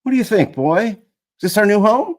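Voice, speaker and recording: A man voicing an eager young boy alone in the wild, shouting with excitement. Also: high voice, slow pace, pitched above the performer's own voice, full character voice. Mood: cheerful.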